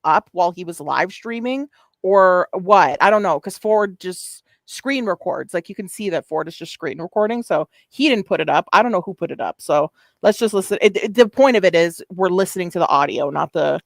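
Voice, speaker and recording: A woman's voice: on the low side, expressive, normal speed, gravelly, no echo. A woman hosting a live stream, chatting casually in a rambling, profane way with lots of fillers. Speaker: stream host. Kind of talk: casual commentary chat.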